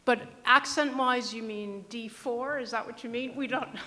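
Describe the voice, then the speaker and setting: A woman's voice: fairly high pitch, fairly even intonation, normal speed, sharp tone. A woman at a public history event, talking in a musing, conversational way. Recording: hall with long reverb.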